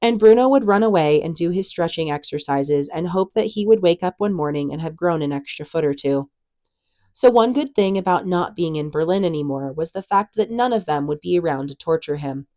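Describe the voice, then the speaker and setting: A woman reading a novel aloud in a calm, even storytelling manner. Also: fairly low pitch, brisk, dry recording. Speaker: reader.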